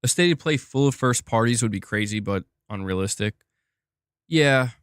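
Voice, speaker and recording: A man's voice: mid-range voice, expressive, normal speed, smooth, no echo. Rambling young man on a dry mic. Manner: rambling, many "like" fillers and restarts. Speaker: gaming news streamer. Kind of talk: casual live-stream chat reading viewer comments.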